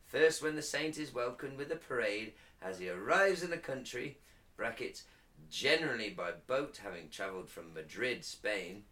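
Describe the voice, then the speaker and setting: Man, podcast co-host, lively voice, bright tone, a little far from the mic. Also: mid-range voice, normal speed. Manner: laughs often, stumbles over foreign words. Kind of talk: casual banter, reading notes aloud.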